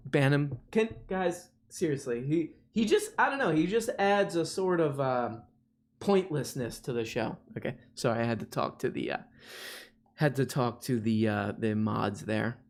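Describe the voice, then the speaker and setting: A man's voice: mid-range voice, animated, moderate pace, a little hiss or hum. Rambling man hosting a live stream. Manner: rambling, laughing, self-mocking. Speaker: streamer host. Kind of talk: casual live-stream chat.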